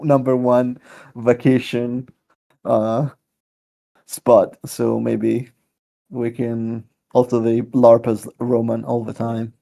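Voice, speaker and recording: Male guest, relaxed and teasing, slow mellow delivery. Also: mid-range voice, creaky. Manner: laid-back, teasing, laughs a lot. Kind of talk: casual chat.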